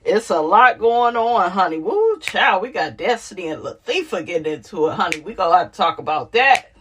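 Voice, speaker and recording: A woman hosting casual celebrity gossip commentary in a sassy, animated way, laughing often and calling viewers honey. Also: fairly low pitch, fairly quick, slight background noise.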